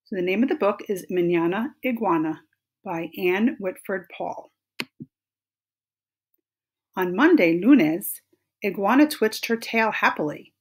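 A woman reads a children's picture book aloud in a gentle, expressive way. She takes her time, and her pitch rises and falls a lot. Her voice is slightly breathy. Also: a little slow, pauses often. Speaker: storyteller. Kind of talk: children's storybook read-aloud.

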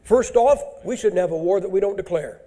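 A man's voice: high-pitched, a little fast, warm tone. A man preaching a sermon in a church, blunt, emphatic and folksy.

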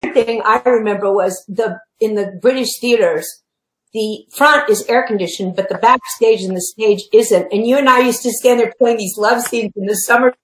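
A woman tells her story with lively energy, throwing herself into quoted lines and laughing often. Her voice sits fairly high. The room around her sounds echoey. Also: normal speed. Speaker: guest performer. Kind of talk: anecdotal chat over video call.

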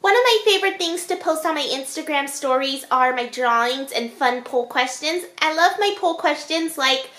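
A woman's voice: high voice, lively intonation, normal speed, hardly any pauses, fairly bright tone, echoey room. A young woman chatting to a handheld camera at home in a bubbly, casual vlog style, with small sighs and laughs. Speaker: vlogger. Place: at home, indoors.

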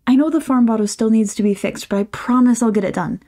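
A woman's voice: on the high side, fast, dark tone, pitched above the performer's own voice, close to an everyday voice. A woman voicing a flustered young man in a storybook reading, nervous and defensive.

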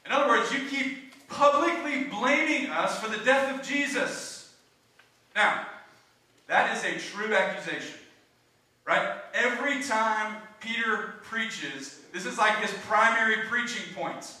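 A pastor preaching a sermon, his voice high and sharply bright. He hammers his main points home by repeating them. The sound is far from the mic and rings with heavy room echo. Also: lively intonation, measured pace. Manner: emphatic, repeats key lines. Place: church sanctuary. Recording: echoey room, from a distance.

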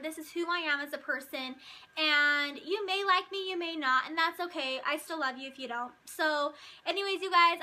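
A woman's voice: sits high, pushed and bright. A young woman, a hairstylist and YouTuber, talking in an effusive Q&A vlog and filling her sentences with "like" and "um". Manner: gushing, talks in run-on bursts with frequent "like" and "um". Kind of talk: casual Q&A vlog.

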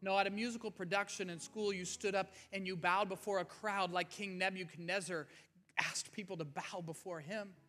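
Bright-voiced preacher man. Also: high-pitched, steady tone, moderate pace. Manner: earnest, conversational preaching with rising emphasis. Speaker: pastor. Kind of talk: sermon. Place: church sanctuary. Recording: faint music underneath.

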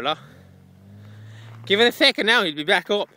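A rowdy Irish spectator cheers on a rally driver from the roadside. His voice is very high for a man, with a sharp, piercing edge. Rally car engines pass faintly behind him outdoors. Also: animated, moderate pace, a little hiss or hum. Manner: rowdy, swearing, whooping and cheering. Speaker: spectator commentator. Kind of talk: excited amateur commentary.

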